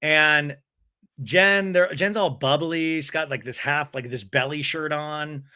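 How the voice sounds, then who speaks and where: A male podcast host recapping a reality show in a comedic, casual way, with crude jokes and mocking voices for the people he quotes. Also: unhurried. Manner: animated, acts out quotes in high mocking voices; crude, joking asides.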